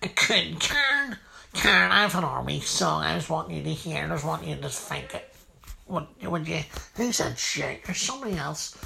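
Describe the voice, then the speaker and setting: A performer voicing a fussy, prudish childlike nephew, who talks slowly and repeats himself. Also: mid-range voice, lively intonation, creaky, pushed and bright, heavily acted. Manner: slow, halting, repeats itself.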